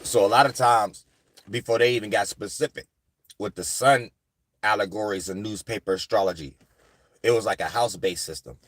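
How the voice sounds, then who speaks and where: An astrology channel host delivers a casual spiritual monologue, rambling and repeating "you know what I'm saying". His voice is lowish and fairly bright at normal speed, with a dry, close sound and no room tone.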